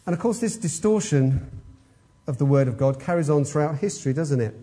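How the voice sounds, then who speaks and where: A man's voice: fairly high pitch, animated, a little fast, dark tone, slightly rough. A man preaching an expository sermon, emphatic and fond of rhetorical questions.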